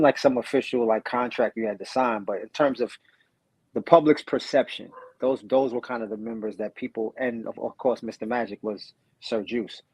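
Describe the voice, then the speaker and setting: A male rapper recounting things in an interview, in a measured voice that often restarts. His tone is husky at a mid pitch. The recording is dry and close. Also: darkish tone, dry recording, low-quality recording.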